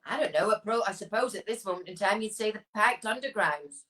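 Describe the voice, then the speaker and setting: An older woman answering a quick run of casual questions as an interview guest, chatty and self-assured. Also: mid-range voice, lively intonation, a bit bright, poor audio.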